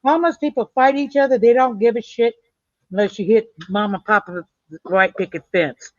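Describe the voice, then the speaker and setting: A woman's voice: fairly high pitch, a little fast. A woman speaks bluntly and tough, dropping a casual curse as she tells her stories. The recording is dull and lo-fi, with a dry, close sound and no room echo. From United States. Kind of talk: casual chat, personal storytelling.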